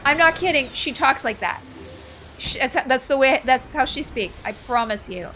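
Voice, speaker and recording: A woman's voice: high voice, a little fast, music in the background. A woman chatting casually while she streams a video game, telling stories and reacting to the play. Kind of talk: casual chat while gaming.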